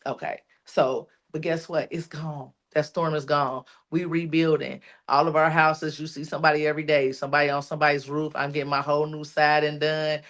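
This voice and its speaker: This woman's low-pitched, fairly bright voice carries an emotional testimony on a podcast. Like a preacher, she offers encouragement by repeating lines for emphasis.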